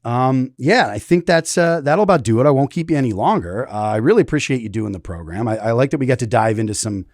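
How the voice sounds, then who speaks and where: A male podcast host chatting casually. He rambles freely, with frequent laughs, in a mid-pitched voice. The sound is close and dry. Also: expressive, quick pace, hardly any pauses, a little mellow, no room sound. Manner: rambling, loose, laughing often. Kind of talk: casual chat.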